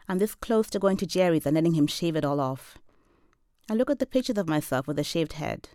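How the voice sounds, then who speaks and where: Low-voiced woman reading a wry story. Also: no echo, studio quality. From Zambia. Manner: measured, deadpan, wry. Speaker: professor and storyteller. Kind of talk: reading a first-person literary story.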